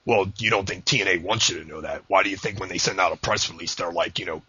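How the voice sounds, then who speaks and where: A deep-voiced man hosting a casual podcast interview, ranting and joking, often stumbling over words. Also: fast talker, hardly any pauses, sharp tone, slightly rough, dry recording. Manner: ranting, jokey, slips into a high announcer voice for quotes. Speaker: podcast host. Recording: dull lo-fi audio.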